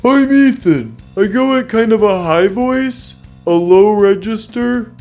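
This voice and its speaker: A man voicing a slow-witted, good-hearted young cartoon character in a high, drowsy, yawning voice. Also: animated, a little mellow, faint music behind, full character voice. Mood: dopey.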